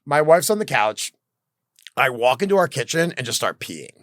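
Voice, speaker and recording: Male comic guest, expressive storyteller who does the voices, swinging pitch. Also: normal speed, no echo, clean studio sound. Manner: animated, acts out quoted voices. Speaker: comedian guest. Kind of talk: casual podcast storytelling.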